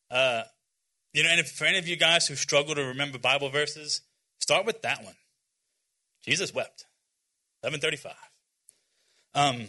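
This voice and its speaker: Guy in his 40s doing a casual youth sermon, um-ing and restarting a lot, really bright ringing voice. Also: fairly high pitch. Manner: conversational, earnest, many fillers and restarts; self-deprecating humor. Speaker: youth speaker. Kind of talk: informal sermon to young people.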